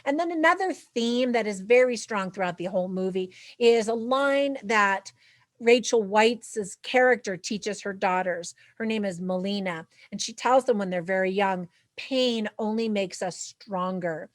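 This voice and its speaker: A woman's voice: medium pitch, normal speed, no room sound. A woman hosting her own channel, giving a chatty, upbeat movie review with tips for parents. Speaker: film reviewer and channel host. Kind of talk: casual movie review to camera.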